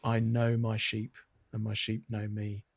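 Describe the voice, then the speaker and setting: Middle-aged British pastor, husky and low-pitched, earnest and reflective in interview. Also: male voice, monotone, measured pace. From Britain. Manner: earnest, reflective, with frequent restarts. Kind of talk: interview answer on theology.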